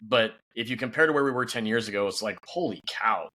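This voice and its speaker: A man's voice: lowish voice, fast, sharp tone. A man speaking as a guest and company founder in a casual podcast interview, upbeat and peppered with "you know".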